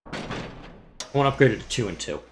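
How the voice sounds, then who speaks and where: A man's voice: medium pitch, expressive, fast talker, slight background noise. A man giving casual let's play commentary, thinking aloud and muttering to himself as he plans moves, with the odd mild swear.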